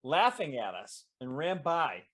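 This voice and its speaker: Man telling a gaming story, voice all over the place, kinda high, animated. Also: measured pace, husky. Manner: lively storyteller, acts out quoted voices, trails off mid-sentence. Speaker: guest author in audience Q&A. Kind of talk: animated storytelling in casual chat.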